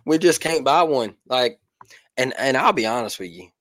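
A man co-hosting a casual sports talk podcast, hoarse with his voice mostly gone, talking excitedly and laughing often. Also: medium pitch, moderate pace, no room sound. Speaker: podcast co-host.

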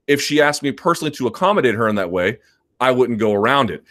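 A man's voice: mid-range voice, animated, quick pace, a bit bright. A male host of a sports live chat, answering viewer comments in an emphatic, argumentative way and repeating his points.

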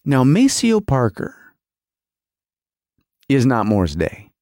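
A man in his forties telling a story as a podcast host, excitable and acting out songs and quotes. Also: mid-range voice, takes it slowly, no room sound, studio quality. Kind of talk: animated storytelling.

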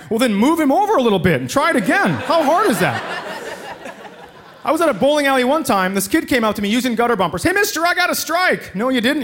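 A middle-aged man doing a stand-up comedy set on a club stage, trading deadpan insults with sudden shouted bursts. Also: sits high. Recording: live club recording, loud laughing crowd. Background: audience laughter and noise.

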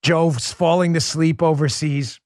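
A man's voice: a little high, steady tone, measured pace, darkish tone, dry recording, clean studio sound. Sarcastic man hosting a political talk show. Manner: sarcastic, emphatic, fires rhetorical questions. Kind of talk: political commentary monologue.

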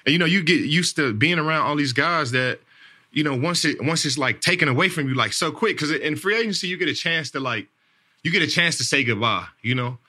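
His voice runs on the high side: expressive, sharp and fairly quick. The speaker, an NFL player in his thirties who hosts a podcast, rambles casually through a story, repeating words and saying "man" and "like" a lot.

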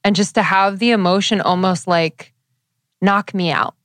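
A woman's voice: mid-range voice, steady tone, fairly bright tone, dry recording. A young woman co-hosting a podcast, talking openly and thoughtfully in a casual way. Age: young adult. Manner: reflective, open, many fillers and pauses. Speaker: podcast co-host. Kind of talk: casual chat.

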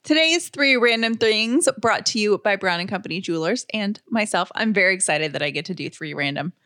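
A woman's voice: mid-range voice, expressive, fairly quick, sharp tone, dry recording, studio quality. A woman co-hosting a podcast, chatting casually and enthusiastically, laughing often while presenting fun facts. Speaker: podcast co-host. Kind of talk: casual chat.

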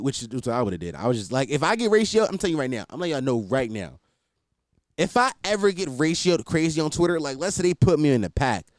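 A man's voice: on the high side, no room sound. Profane rambling young man, dry sound. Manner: profane, rambling, self-deprecating. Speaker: podcast host. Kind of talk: casual solo podcast rant.

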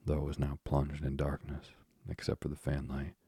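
A man narrating a classic novel in a measured, hushed reading with a husky, gravelly voice. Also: very deep voice, completely flat delivery, no room sound, clean studio sound. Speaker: audiobook narrator.

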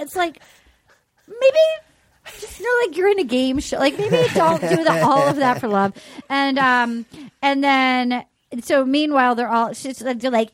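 Woman host, bright high register, swoops all over, cracks up, impersonates people mid-story. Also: unhurried, dry recording. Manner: animated, profane, acts out cast members' lines in mock voices. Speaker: podcast host recapping a dating show. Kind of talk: casual comedic recap.

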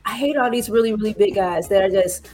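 A woman's voice: mid-range voice, fast talker, a little mellow, faint music behind. Blunt ranting woman co-host. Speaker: podcast co-host. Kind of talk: casual chat.

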